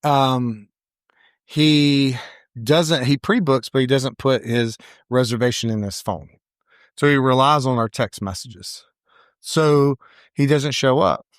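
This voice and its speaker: Animated male storyteller, dry close sound. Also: medium pitch, takes it slowly, no echo. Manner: animated storyteller, acts out quoted voices, laughs often. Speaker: salon owner, podcast co-host. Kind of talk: casual storytelling chat.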